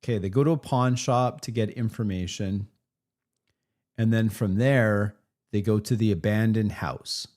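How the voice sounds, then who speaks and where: Low, mellow-voiced man giving live critique. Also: a little slow. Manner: rambling and critical, with many restarts. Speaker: streamer reacting to a game session. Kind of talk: live reaction commentary.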